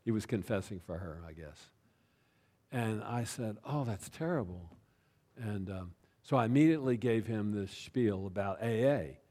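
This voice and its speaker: A pastor telling a personal story in a sermon, chatty and self-deprecating, often tossing in "right?" and "you know.". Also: male voice, on the low side, lively intonation, normal speed, dark tone. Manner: conversational, with frequent "right?" and "you know" asides.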